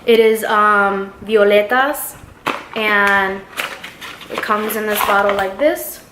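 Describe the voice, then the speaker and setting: A woman's voice: medium pitch, fairly even intonation, takes it slowly, noisy background. A young woman chatting casually as she shows off baby clothes, gushing and full of fillers. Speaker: vlogger showing a baby haul. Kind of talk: casual show-and-tell chat. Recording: roomy home recording.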